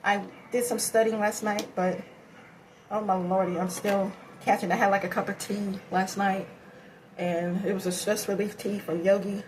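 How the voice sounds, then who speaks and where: A woman's voice: mid-range voice, flat delivery, normal speed, darkish tone, slight background noise, rough recording. A tired woman chatting casually and rambling to herself while she does her makeup at home for a beauty vlog. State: tired and breathing heavily. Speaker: beauty vlogger. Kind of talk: casual makeup tutorial chat.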